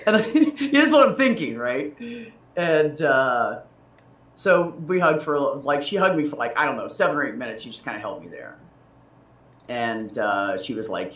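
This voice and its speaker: A man's voice: medium pitch, lively intonation, normal speed, a bit bright. Rambling man telling a heartfelt story, roomy. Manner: rambling, candid, emotional, with laughs and restarts. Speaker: guest telling a personal story. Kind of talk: casual storytelling chat. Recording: roomy, distant mic.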